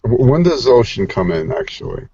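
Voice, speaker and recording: A man's voice: medium pitch, big pitch swings, normal speed, vocal fry, warm tone. A man joining an online group chat from his phone, talking in a laid-back, hesitant way. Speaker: participant in an online discussion. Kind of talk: casual group video chat. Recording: dull lo-fi phone audio.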